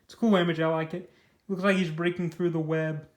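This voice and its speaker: Reviewing a comic book, a young man with a fairly high voice talks briskly in a level tone, wandering loosely from point to point. Filler words and restarted sentences pile up, while echo rings around him.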